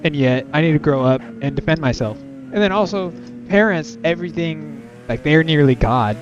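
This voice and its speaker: A man's voice: a little high, animated, normal speed, dull audio, noisy background. A young man telling a rambling, exasperated personal story as a vlogger. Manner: exasperated, rambling, many fillers. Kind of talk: casual storytelling rant. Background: music.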